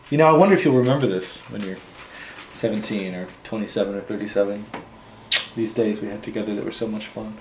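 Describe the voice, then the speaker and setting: A young father playing with his toddler at home, talking in exaggerated sing-song baby talk that leaps into a high voice. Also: a little fast. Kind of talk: playful home video chat with a small child. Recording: echoey room with loud background noise.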